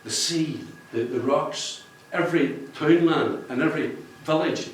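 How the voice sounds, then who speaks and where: A man's voice: a little high, unhurried, a little hiss or hum. A man giving a jokey, rambling speech to an audience at a book launch. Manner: jokey, rambling, laughs at his own jokes. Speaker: book cover artist speaking at a launch. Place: function room with an audience. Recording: echoey room, distant mic.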